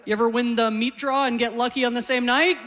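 A woman's voice: fairly high pitch, fairly even intonation, fast talker, a bit bright. Self-deprecating Canadian woman comic in her forties. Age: 40s. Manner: chatty and self-deprecating, laughing through her punchlines. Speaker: stand-up comedian. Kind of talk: stand-up comedy set. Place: comedy club stage.

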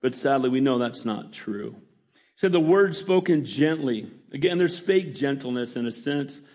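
A man's voice: on the high side, a little mellow. Conversational preacher man asking for amens. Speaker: pastor. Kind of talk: sermon.

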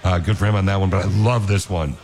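A man's voice: low voice, steady tone, fast, a little mellow, soft background music. A man hosting a radio show, talking enthusiastically in a casual chat style. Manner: enthusiastic, repeats praise. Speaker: radio host. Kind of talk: upbeat morning radio chat.

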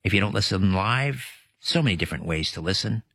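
A man's voice: fairly low pitch, lively intonation, brisk, sharp tone, slightly rough, dry recording. A man guest-hosting a late-night radio talk show, chatty, often correcting himself mid-sentence. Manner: chatty, restarts and self-corrections. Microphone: studio microphone.

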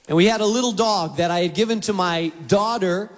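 High-voiced preacher in a reverberant hall. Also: male voice, a little fast. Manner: animated storytelling preacher, acts out voices. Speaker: pastor. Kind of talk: sermon. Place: large auditorium.

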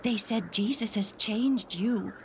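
Woman doing a hushed, anxious male traveler. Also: medium pitch, slow pace, a little hiss or hum, pitched above the performer's own voice. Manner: hushed, hesitant, stammering. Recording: music playing underneath.

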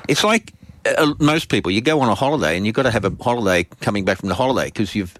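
Male radio co-host, animated pitch, chatty, dry booth sound. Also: fast talker, dry recording. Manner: lively, chatty, lots of fillers. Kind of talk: casual radio chat.

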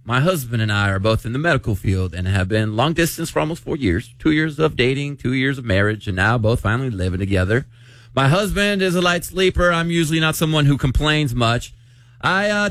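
A man's voice: fairly high pitch, animated, a little fast, a bit bright, dry recording. A man hosting a morning radio show, chatting casually and reading a listener's letter aloud.

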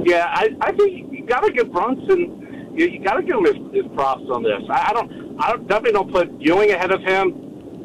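Wisecracking male caller on noisy line. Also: a little high. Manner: wisecracking, hesitant fillers. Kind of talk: call-in phone chat.

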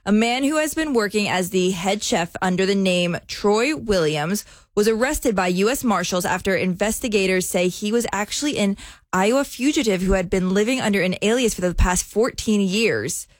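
A woman's voice: medium pitch, animated, fairly quick, no room sound. A woman co-hosting a morning radio show, reading out a news story in a giggly, easygoing way. The sound is dry and close to the mic. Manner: giggly, self-deprecating. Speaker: radio co-host.

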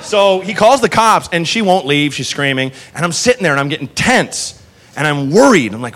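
A male comedian telling a profane, animated stand-up story. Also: a little high, moderate pace. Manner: animated, profane, swings into character voices.

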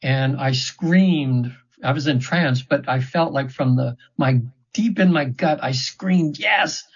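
Husky-voiced man in his seventies. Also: mid-range voice, slow. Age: 70s. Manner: earnest, rambling, with frequent restarts. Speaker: interview guest, trance session practitioner. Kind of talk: casual storytelling in an interview. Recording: dull, slightly lo-fi audio.

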